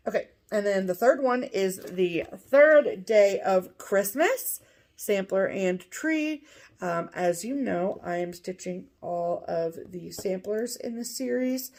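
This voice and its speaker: A woman co-hosting a cross-stitch show, chatting casually and gushing with excitement over what she shows. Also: mid-range voice, slow. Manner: gushing, enthusiastic. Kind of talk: casual show-and-tell chat.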